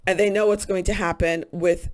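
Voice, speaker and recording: A woman hosting a spiritual channel, talking in an earnest, halting casual monologue with many pauses and fillers. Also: fairly low pitch, fairly even intonation.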